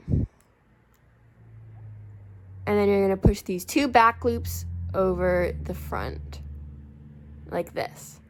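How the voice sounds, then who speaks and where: A young woman walks viewers through a craft project step by step in a casual, chatty home tutorial. Her voice sits at a middle pitch and has a slight roughness. She apologizes easily and keeps up a friendly running commentary as she works. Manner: chatty and apologetic, talks through each step while working. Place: indoors at home, warm room.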